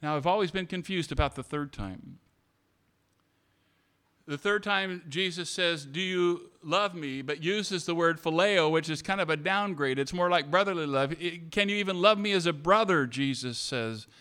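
A male pastor preaching with a high-pitched, bright voice. He moves from hushed, tender moments to loud, emphatic declarations, repeats his phrases and calls out for amens. His tone is clear and resonant. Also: normal speed. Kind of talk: sermon.

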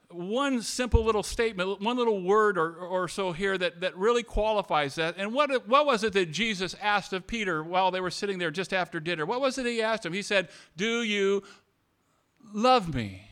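A male pastor preaching with a high-pitched, bright voice. He moves from hushed, tender moments to loud, emphatic declarations, repeats his phrases and calls out for amens. His tone is clear and resonant. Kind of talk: sermon.

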